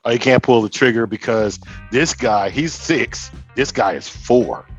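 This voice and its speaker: A man co-hosting a casual movie-review podcast, teasing his friends in quick banter. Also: mid-range voice, husky, faint music behind. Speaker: podcast co-host. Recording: dull lo-fi podcast audio.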